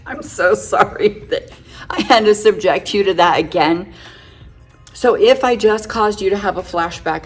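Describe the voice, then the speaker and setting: A woman's voice: lowish voice, husky. A middle-aged woman chatting through a casual makeup tutorial, full of self-joking, giggly asides. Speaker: makeup vlogger.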